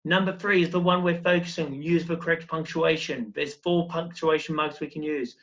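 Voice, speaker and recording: A man's voice: fairly high pitch, fairly even intonation, moderate pace, a bit bright, lo-fi sound. A man teaching a recorded primary school lesson, explaining step by step and asking encouraging questions.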